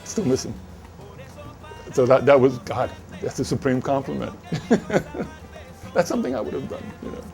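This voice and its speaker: A man in a documentary interview who talks haltingly, repeating words and laughing as he remembers. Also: mid-range voice, mellow.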